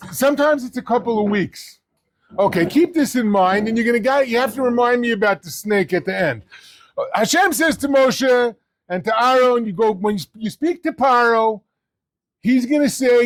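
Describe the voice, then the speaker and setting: A man's voice: high-pitched, animated, normal speed, dry recording. A man, head of a yeshiva, giving a casual Torah class on the weekly portion and quizzing his listeners with questions.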